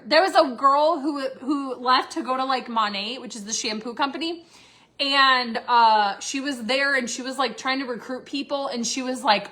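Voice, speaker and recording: A woman's voice: high voice, normal speed, sharp tone. A young woman talking candidly on a livestream, blunt and filler-heavy, swearing freely. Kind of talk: candid casual livestream rant.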